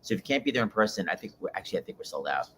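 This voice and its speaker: A male talk-show host gushes and jumps between asides and plugs, saying "oh my God" often. His voice sits low, with faint noise in the background. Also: very animated, fairly bright tone. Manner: gushing, rapid asides, repeats "oh my God". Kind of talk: casual talk-show monologue.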